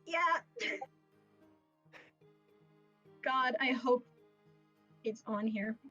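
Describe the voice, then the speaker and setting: A woman's voice: fairly high pitch, steady tone, very slow, a bit bright, highs cut off, soft background music. A woman acting as game master, narrating a tabletop game in a casual, chatty way with many fillers. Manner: casual, laughing, full of fillers.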